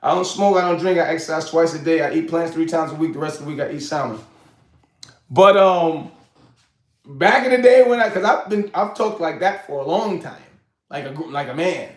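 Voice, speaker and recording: Brisk and lively in intonation, with a slightly high voice, a host in his forties talks casually to the camera on his own show. He laughs frequently and leans on "you know what I'm saying". The sound is roomy.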